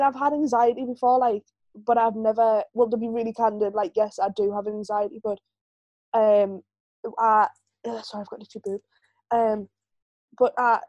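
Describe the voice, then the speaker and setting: A woman's voice: fairly high pitch, a little mellow, no room sound, dull audio. A woman, co-hosting a podcast and telling a long personal story in a candid, rambling way, full of "like" fillers. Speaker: podcast co-host. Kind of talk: casual chat.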